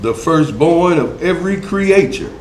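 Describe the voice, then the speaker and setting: Scripture reader, man, mid pitch, measured, roomy echo, faint noise. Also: lively intonation, a little mellow. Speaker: Bible study participant reading scripture. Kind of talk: reading scripture aloud. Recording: echoey room, faint noise.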